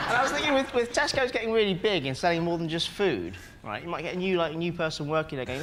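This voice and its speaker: A man's voice: high-pitched, sing-song, fast talker, few pauses, heavy background noise. A man telling comic stories as a chat show guest, acting out little scenes. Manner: jokey, acts out little scenes. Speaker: comedian guest. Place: TV studio with audience. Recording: loud audience laughter in a studio. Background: studio audience laughing.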